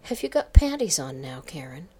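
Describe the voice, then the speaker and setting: A woman reading the lines of an arrogant, domineering male boss in a slow, taunting, commanding way, in her own low voice. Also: very animated, dark tone, husky, exaggerated voice.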